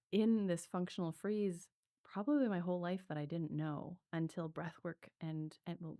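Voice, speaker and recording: A woman's voice: low voice, vocal fry, mellow, no room sound, studio quality. A woman breathwork coach telling her story in a podcast interview, earnest and reflective, with many fillers.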